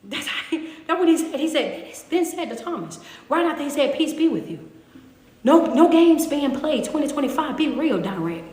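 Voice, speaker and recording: A woman walks on a treadmill while preaching a casual devotional, emphatic and conversational, tossing in call-and-response asides as a motivational speaker and preacher. Her voice is high, expressive and a little mellow at normal speed, in an echoey room with long reverb.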